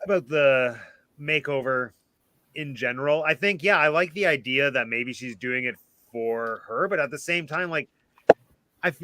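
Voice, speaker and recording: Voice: medium pitch, bright, forceful tone, dry recording. A co-host in a casual movie chat who talks in an earnest, opinionated and thoughtful way. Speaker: podcast co-host.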